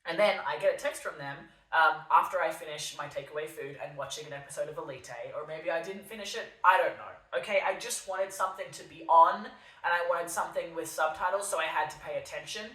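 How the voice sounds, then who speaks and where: A woman's voice: deep voice, fairly quick, fairly bright tone, distant mic. A young woman hosting a solo monologue podcast, talking in a sardonic, darkly self-mocking way. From Australia. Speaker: podcast host. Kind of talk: solo monologue podcast addressed to an absent listener. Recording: roomy sound from off the mic.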